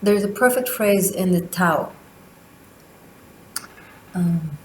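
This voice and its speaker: A woman with a low voice leads a spiritual tarot reading. She talks slowly and deliberately, leaving long pauses between phrases. The room around her is echoey. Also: darkish tone, slight background noise. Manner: slow, deliberate delivery with drawn-out pauses. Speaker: tarot reader. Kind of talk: spiritual monthly reading, teaching.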